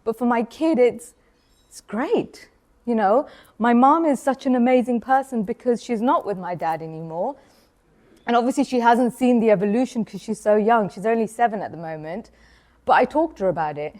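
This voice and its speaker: A woman's voice: a little high, normal speed, dark tone. Earnest woman sharing her story. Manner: earnest, storytelling, acts out quoted voices. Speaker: event speaker. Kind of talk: personal talk at an event. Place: event hall.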